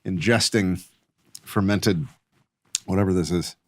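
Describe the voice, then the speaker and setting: A man as a guest in a casual chat over drinks, talking in an animated, joking, emphatic way. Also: low-pitched, measured pace. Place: studio set. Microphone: lapel mic.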